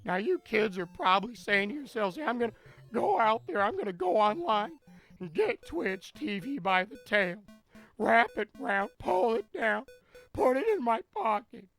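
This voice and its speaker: A bellowing, overbearing middle-aged motivational speaker, as a man puts him on. He hammers each phrase slowly and loudly, with a high, bright, forceful edge to the voice. Faint music plays underneath. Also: big pitch swings, vocal fry, heavily acted. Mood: blustering lecture. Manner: shouting, overbearing, slow emphatic lecturing. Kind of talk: comic impression during a stream.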